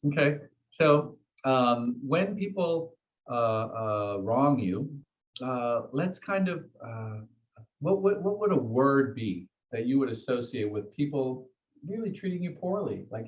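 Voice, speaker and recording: Guy teaching a meditation class, talks it through casually, keeps asking okay? right?, mid-pitched voice. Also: poor audio. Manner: conversational, checks in with "okay?" and "right?". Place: class with students present.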